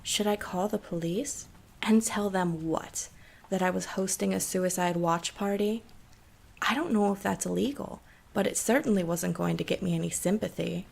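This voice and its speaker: Gravelly-voiced woman narrating a horror story. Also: mid-range voice. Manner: steady, measured storytelling.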